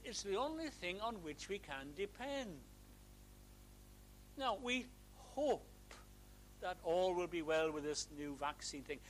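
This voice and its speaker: A man's voice: fairly high pitch, a bit bright, a little hiss or hum, rough recording. Earnest, fervent male preacher. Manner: earnest, building to fervent emphasis. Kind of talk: sermon.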